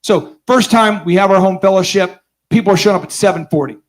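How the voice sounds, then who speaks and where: A man running a business conference spins an energetic, sarcastic story for a live seminar audience, quizzing them along the way. He talks fast in a high voice and performs the voices of the people in his tale.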